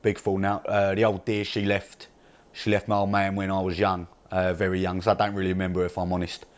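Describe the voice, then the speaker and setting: A man's voice: low voice, monotone, a little fast, natural voice. A man playing a brash, crude chav with an Essex accent, rambling and swearing in laddish banter as a comedy character monologue.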